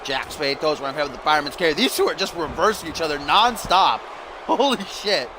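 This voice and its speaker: An excitable man calls a wrestling game live on a stream, his voice sitting on the higher side and jumping up into shouts when the action spikes. There is clear background noise under the whole recording. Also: brisk. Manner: excitable, often rising to shouts on big moves. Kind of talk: live-stream play-by-play commentary.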